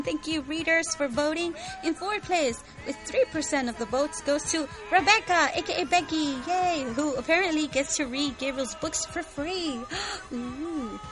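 Giggly woman gushing about a book on a podcast, high voice, music playing behind. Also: low-quality recording. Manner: bubbly, giggly, reads out listener comments. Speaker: podcast co-host. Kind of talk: casual chat about a book series.

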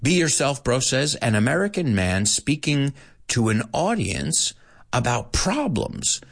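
Lively man teaching an online English class. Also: medium pitch, measured pace, creaky. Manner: animated, playful, switching into Spanish asides. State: out of breath at times. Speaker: English teacher hosting a live stream. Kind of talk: live-streamed language lesson.

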